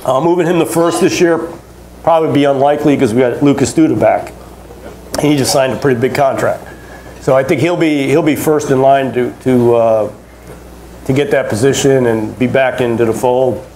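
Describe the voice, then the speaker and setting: A man's voice: mid-range voice, moderate pace, darkish tone, a little hiss or hum, poor audio. A man in his fifties, a former ballplayer as a panel guest, telling rambling, chatty stories to a fan audience at a convention. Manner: chatty, rambling, with many restarts and laughs. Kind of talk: casual storytelling to a fan audience.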